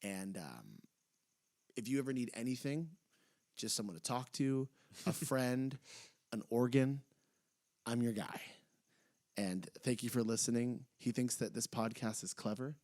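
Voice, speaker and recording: A young man co-hosting a casual wrestling podcast, excitable, his voice jumping up when he retells funny moments. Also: mid-range voice, measured pace, pauses often. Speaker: podcast co-host. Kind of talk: casual chat.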